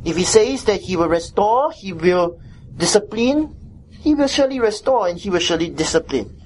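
A woman's voice: mid-range voice, lively intonation, moderate pace, darkish tone, a little hiss or hum. A woman preaching a sermon as she teaches a Bible passage, with emphatic repetition and frequent "right?" checks to her listeners.

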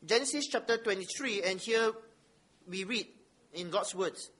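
A man's voice: high voice, animated, moderate pace, pushed and bright, breathy edge. A man preaching a sermon, reading scripture aloud and asking the listeners rhetorical questions with emphasis.

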